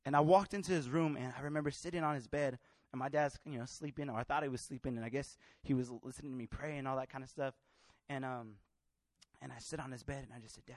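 A high-pitched young man preaches a sermon in a close, dry sound. He acts out the people in his story, dropping to near whispers and then rising to shouts. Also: dry recording. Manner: swings from hushed to loud, acts out voices.

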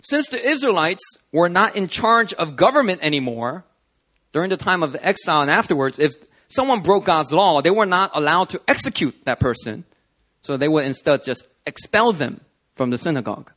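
A man giving a Christian sermon-style video talk, telling personal stories in an animated, conversational way. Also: fairly high pitch, normal speed. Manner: animated storytelling, conversational with fillers. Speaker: Christian teacher.

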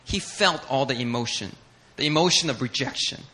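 Bright-voiced, fervent male preacher. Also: medium pitch, normal speed. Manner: passionate, emphatic, building intensity with repetition. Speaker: pastor. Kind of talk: sermon.

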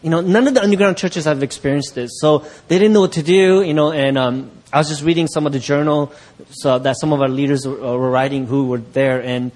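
A middle-aged male pastor tells a story from the pulpit with a slightly higher-than-usual voice. He acts out the people he quotes and laughs along with his listeners. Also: brisk. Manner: animated, laughing while acting out quoted voices. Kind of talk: sermon storytelling.

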